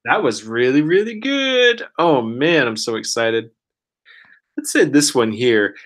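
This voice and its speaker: Slow, encouraging sick male teacher. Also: medium pitch, big pitch swings, a bit bright. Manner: encouraging, praises often, models words very slowly. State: sick, clearing his throat. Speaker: language teacher. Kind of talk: one-on-one pronunciation lesson.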